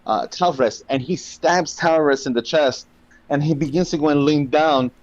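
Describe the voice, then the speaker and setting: Acting as dungeon master for a tabletop game, a man draws out his dramatic descriptions slowly, with some swearing mixed in. His voice is a little high, and the recording is muffled with no room sound.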